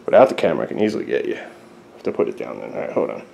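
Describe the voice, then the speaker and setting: Dad talking to toddlers, lively voice. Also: male voice, racing, gravelly. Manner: jumps to a high sing-song voice talking to his toddlers. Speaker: father filming his kids. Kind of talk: casual family vlog. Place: family home, living room. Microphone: handheld camera. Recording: noisy home camera audio.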